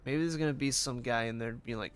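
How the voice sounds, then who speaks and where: A man's voice: medium pitch, fast, clean tone, soft background music. A man giving casual gameplay commentary, wry, crude and offhand. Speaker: let's-play commentator.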